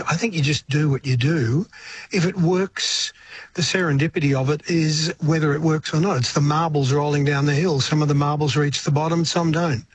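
A man's voice: on the high side, fairly even intonation, moderate pace. Older australian man, raised voice, rambling talk, faint room hum. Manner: rambling, repeats words, laughs often. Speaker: guest musician. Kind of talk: radio interview.

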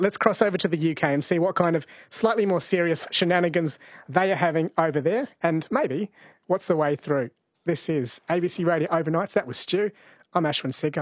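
A man hosting overnight radio in a playful, easy-going way. His voice sits a touch higher than most men's. The studio mic gives a close, dry sound. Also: fairly quick, dry recording. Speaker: radio host. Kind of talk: casual radio chat. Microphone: studio microphone.

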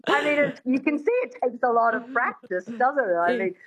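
A woman working as a dialect coach, teaching an accent on the radio and slowly drilling words for the listener to repeat. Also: fairly high pitch, lively intonation, husky, low-quality recording. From Australia.

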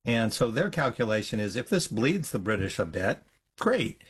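A middle-aged man with a husky voice explains history as an interview guest. His pitch rises and falls in a lively way, and he briefly slips into the voices of people from the past. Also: moderate pace. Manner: animated, acts out historical voices in quotes.

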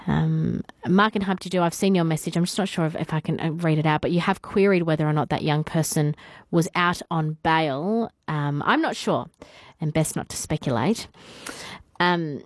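A woman's voice: sits low, moderate pace, no room sound. A woman with an Australian accent hosting morning talkback radio in a studio, chatting casually with fillers and reading out listener messages. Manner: chatty and conversational, with fillers and laughs. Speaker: radio host.

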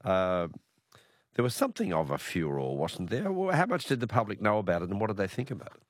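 A man's voice: on the low side, wildly swooping pitch, fast talker, dry recording, clean studio sound. A man hosting a radio interview, chatty, prompting his guest with tag questions. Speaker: radio host.

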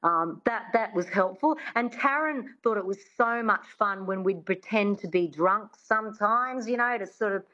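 A woman's voice: medium pitch, normal speed, hardly any pauses, sharp tone. Woman, dialect coach, chatty, restarts, muffled sound. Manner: chatty, lots of fillers and restarts. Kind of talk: interview guest explaining accent work.

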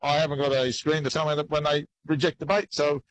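A man with an Australian accent, a fishing guest chatting casually in a relaxed, folksy way. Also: fairly high pitch, fast talker, low-quality recording. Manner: relaxed, folksy, keeps saying mate. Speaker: angler guest. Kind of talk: casual interview chat.

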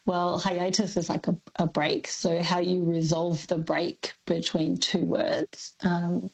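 Aussie lady academic, kinda low and gravelly, explains slow with lots of ums. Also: level tone, a little mellow, poor audio. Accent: Australian. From Melbourne. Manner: thoughtful, hesitant, explanatory with fillers. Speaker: linguistics expert guest. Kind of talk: radio interview explanation.

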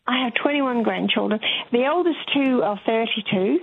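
A woman's voice: fairly high pitch, normal speed, vocal fry, no echo. Older woman, chatty on a tinny phone line. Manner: chatty, laughing storyteller. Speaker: caller. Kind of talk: phone-in chat. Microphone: telephone.

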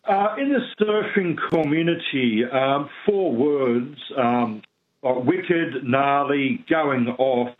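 A man's voice: mid-range voice, takes it slowly, phone-quality sound. A man calling a radio show, rambling a bit and searching for words. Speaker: caller.

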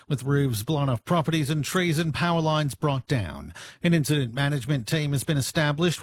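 A man reading the news in a steady, measured way. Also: on the high side, a little hiss or hum. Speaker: newsreader.

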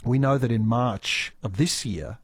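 An Australian radio host, a man with a middle-pitched voice, talks in an easygoing, chatty manner, full of ums and restarts. His studio mic sound is dry and close, with no room around it. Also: measured pace, slightly rough, dry recording. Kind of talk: live radio chat and listener messages. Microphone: studio microphone.

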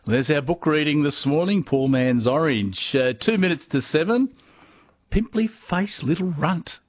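A man presenting a morning radio show in a chatty, brisk manner. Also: a little high, animated. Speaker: radio host.

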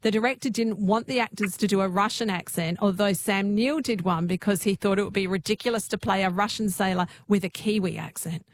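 A woman's voice: medium pitch, brisk, few pauses. A woman hosting a radio talk show, reading out listener texts and taking calls. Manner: reading listener messages aloud. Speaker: radio host.

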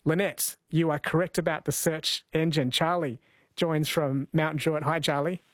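A man's voice: fairly high pitch, fairly even intonation, moderate pace, no echo. A man hosting a late-night radio quiz in a friendly, chatty way, laughing easily.

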